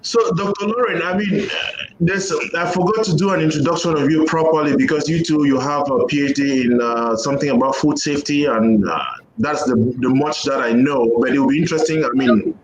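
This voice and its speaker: A man's voice: mid-range voice, echoey room, poor audio. A man hosting an interview, asking questions hesitantly with many fillers. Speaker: host.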